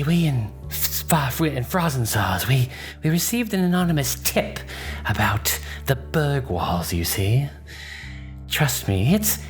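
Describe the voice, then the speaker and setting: Baroness: swooning, scheming noblewoman, high put-on voice, done by a man.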